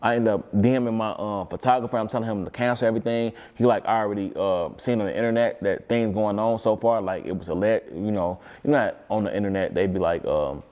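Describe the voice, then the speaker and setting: A man's voice: fairly low pitch, fairly even intonation, a little fast, hardly any pauses, darkish tone. A man talking as an interview guest, telling a long story in a rambling, repetitive way and swearing freely.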